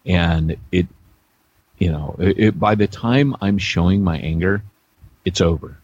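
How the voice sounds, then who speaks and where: A man's voice: deep voice, measured pace, a little mellow, dry recording, muffled recording. A middle-aged man co-hosting a podcast, telling rambling, self-deprecating stories with many restarts in a casual chat. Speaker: podcast co-host, church planter.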